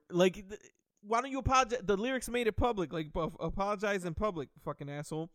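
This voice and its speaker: High-voiced excitable young man. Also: moderate pace, no room sound, studio quality. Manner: excitable, profane, laughs often, many restarts. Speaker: podcast host. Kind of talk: casual chat.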